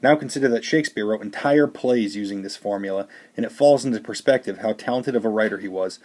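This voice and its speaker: Measured male teacher, lower voice. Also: a little mellow. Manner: clear, measured, instructive. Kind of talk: recorded classroom lesson.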